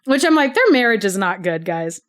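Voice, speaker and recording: A woman's voice: mid-range voice, sing-song, fairly quick, a bit bright. A woman co-hosting a podcast, casually retelling a story with lots of "like" and frequent laughter. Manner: chatty, laughs often, heavy use of "like". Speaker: podcast co-host.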